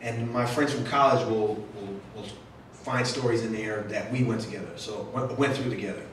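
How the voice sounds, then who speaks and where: At a moderate pace and in a lowish, fairly bright voice, a man who is an author chats with young readers and takes their questions, joking and performing quoted voices. It's recorded from a distance in a very echoey literary center event room, with faint noise.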